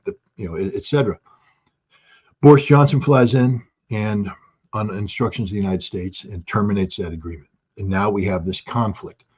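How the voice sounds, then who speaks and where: A husky, lowish male voice delivers impassioned political commentary, pressing his points with sarcasm. The audio is dull and lo-fi, like a remote video call. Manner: forceful, sarcastic, quotes leaders in mock voices. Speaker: guest analyst.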